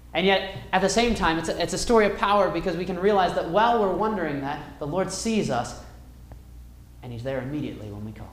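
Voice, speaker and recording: A man teaching a Bible class, reading verses aloud and retelling the story with wide swings in loudness. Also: high voice, expressive, fast talker. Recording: echoey room.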